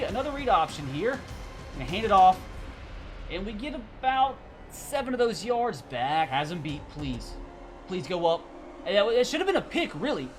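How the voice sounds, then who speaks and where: A young man commenting on his own gameplay as a YouTuber, groaning and exasperated, with frequent outbursts. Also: sits high. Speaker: gaming YouTuber. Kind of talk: live game commentary. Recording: game music behind voice.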